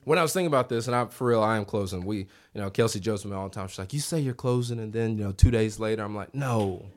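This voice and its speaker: A man in his thirties preaching a revival sermon in a church, conversational, with asides to the congregation and a voice that jumps up when he acts out what people say. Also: racing. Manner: animated, voice rising high when acting out quotes. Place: church sanctuary.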